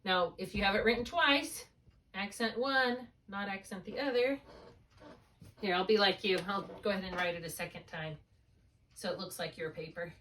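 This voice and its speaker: A woman's voice: medium pitch, moderate pace, a bit bright, recorded from a distance, a little hiss or hum. A woman works through a spelling lesson with a single student, talking patiently through each step as she marks up the words. Her voice sits in a middle register and is picked up from a little way off the microphone. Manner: patient, thinking aloud step by step. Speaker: reading tutor.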